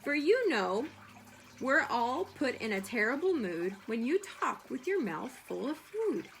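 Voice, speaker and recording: A woman's voice: on the high side, big pitch swings, unhurried, a little hiss or hum. A woman doing an exasperated lecturing dad. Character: exasperated father lecturing his son. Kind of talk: reading a children's poem aloud.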